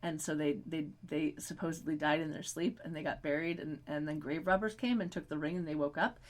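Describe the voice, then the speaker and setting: A woman's voice: deep voice, fairly even intonation, fairly quick. Chatty woman podcast co-host. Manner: rambling, frequent "like" fillers, drops quiet for stories. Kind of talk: casual chat recapping a TV episode.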